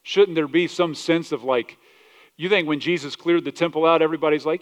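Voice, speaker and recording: A fairly high-voiced man preaches a passionate sermon as pastor. He swings from loud, forceful declarations to quiet, low asides, and he acts out quoted voices with a playful edge. He keeps turning to the congregation with direct questions. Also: fairly quick, clean tone. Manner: asks the congregation questions, southern 'y'all'.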